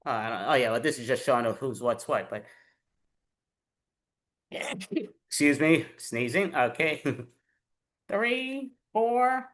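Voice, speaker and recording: A woman's voice: a bass voice, animated, takes it slowly, long pauses. A woman hosting an improv comedy show, chatting casually in a rambling, self-deprecating way while sorting cards and props. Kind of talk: casual chat.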